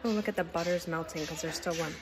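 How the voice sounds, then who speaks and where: A woman's voice: fairly low pitch, steady tone, fast, background noise. Gushing woman cooking vlogger. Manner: chatty and gushing, with many fillers. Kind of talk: casual kitchen vlog.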